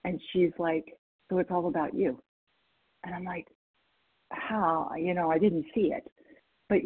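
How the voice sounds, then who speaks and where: A woman's voice: fairly low pitch, husky. A woman from North Idaho sharing candidly in a recovery meeting over a call, laughing at herself and quoting others. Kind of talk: personal share in a recovery meeting. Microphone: video or phone call. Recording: phone-quality call audio.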